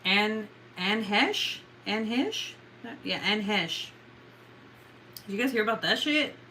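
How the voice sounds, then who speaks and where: Young woman, tired, rambling casual chat, frequent swearing, bright tone. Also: medium pitch, lively intonation, a little slow, slight background noise, rough recording. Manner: rambling, chatty, swears often, many fillers. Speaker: vlogger. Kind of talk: casual late-night craft livestream chat.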